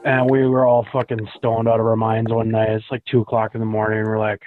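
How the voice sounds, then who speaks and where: A man in casual chat, telling profane, animated stories to his build team. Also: lowish voice, a little fast, faint music behind. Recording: tinny phone-like sound with faint noise.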